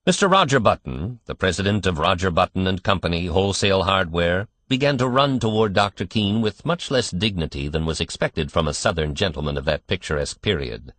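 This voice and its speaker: A man narrating an audiobook in a measured, expressive storytelling manner. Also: sits low, no room sound. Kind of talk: scripted narration.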